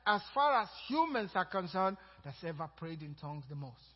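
A male pastor preaching a sermon, lively and chuckling between points, slowing to stress scripture quotes. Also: sits high, slightly rough. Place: church sanctuary. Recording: reverberant hall, dull lo-fi sound.

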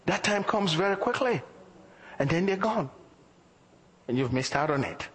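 A man's voice: sits high, very animated, measured pace, fairly bright tone, big-room sound, rough recording. A man preaching a sermon as pastor, asking the congregation rhetorical questions and chuckling between points.

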